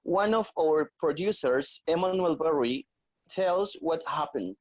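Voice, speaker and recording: Colombian male student on a video call, slow, stumbles over words while reading. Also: a little high, lively intonation, poor audio. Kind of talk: reading aloud in class.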